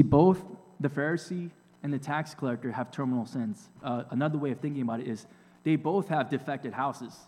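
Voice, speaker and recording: A man preaching a sermon, slow and deliberate, with emphatic repetitions and rhetorical questions. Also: mid-range voice, a little mellow. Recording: long hall reverb.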